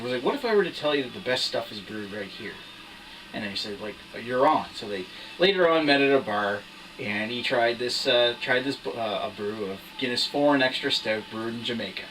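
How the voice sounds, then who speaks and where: A man's voice: medium pitch, fairly bright tone. A young man hosting his own beer review, chatting casually with lots of fillers and restarts. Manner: rambling, with frequent fillers and restarts. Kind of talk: casual on-camera chat. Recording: voice somewhat distant from the mic, faint background hiss.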